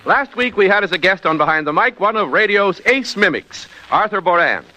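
A man hosting a scripted vintage radio show, asking questions as a brisk straight man. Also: high voice, lively intonation, pushed and bright, soft background music. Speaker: radio host. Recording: dull old radio recording.

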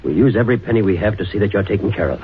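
A man's voice: fairly low pitch, racing, a little hiss or hum, close to an everyday voice. A man playing a stern, determined lawyer in a 1940s radio play, firm and grave. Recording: dull old radio recording.

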